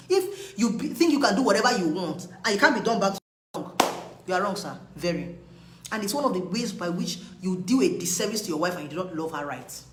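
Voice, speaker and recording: A woman's voice: mid-range voice, a bit bright, roomy sound, poor audio. A woman, giving an emphatic, scolding live talk on marriage. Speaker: relationship speaker.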